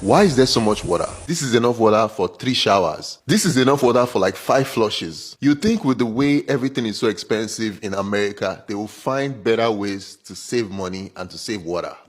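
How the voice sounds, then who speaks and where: A man's voice: on the low side, expressive, a little fast, few pauses. A man complaining sarcastically in a casual vlog rant.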